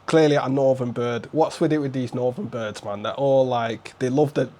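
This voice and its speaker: A man hosts a casual reaction video at a mid pitch. He talks in a laid-back, slangy way with an easy, even voice. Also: moderate pace. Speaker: commentary host.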